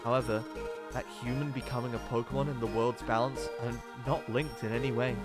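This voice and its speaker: A man voicing an ancient, solemn fox spirit who lays curses, speaking in a grave, formal, measured way. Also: medium pitch, flat delivery, over loud music, close to an everyday voice.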